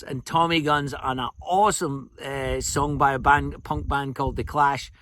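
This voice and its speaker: A man's voice: fairly high pitch, fairly bright tone, no room sound. A Scottish man from Scotland, probably in his fifties, telling jokey, rambling anecdotes outdoors by a remote road in a casual vlog. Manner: chatty, jokey, rambling storyteller. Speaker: fly-tying vlogger.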